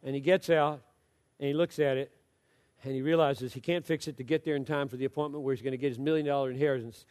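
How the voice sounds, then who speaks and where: A man preaching a sermon with passion, moving between loud exhortation and low, hushed storytelling. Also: fairly even intonation, fast talker, clear, resonant tone, long reverb tail.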